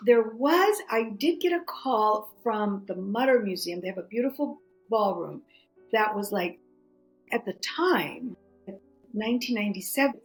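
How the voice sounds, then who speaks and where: A middle-aged woman, a podcast guest, telling a personal story in animated casual talk. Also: medium pitch, low-quality recording. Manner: animated, chatty, acts out quoted voices.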